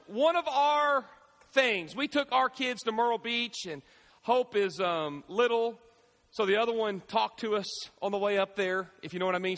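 A man, preaching a sermon as pastor, animated, with call-and-response questions to the congregation. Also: high-pitched. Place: church sanctuary. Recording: echoey church hall.

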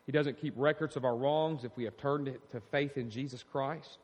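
Man preaching, animated call-and-response sermon, church hall reverb. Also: mid-range voice, normal speed. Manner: animated, preaching with rising emphasis and audience call-outs. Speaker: pastor. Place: church sanctuary. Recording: long reverb in a large hall.

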